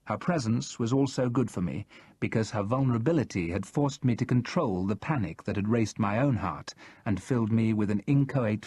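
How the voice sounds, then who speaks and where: A man narrating a first-person thriller audiobook in a steady, measured way, read close to the mic. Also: fairly low pitch, breathy edge, no room sound.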